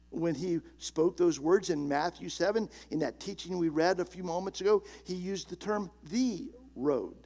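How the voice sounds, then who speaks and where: A man preaching with a high voice and a gravelly edge. He is emphatic, slowing down and sinking low and quiet to stress key words. He speaks as a pastor in the middle of a sermon.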